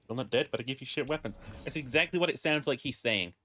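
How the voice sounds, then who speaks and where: A man's voice: medium pitch, quick pace, sharp tone. A man streaming a video game, joking crudely and chatting with his viewers. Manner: crude, joking, talks to chat. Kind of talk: casual gameplay commentary.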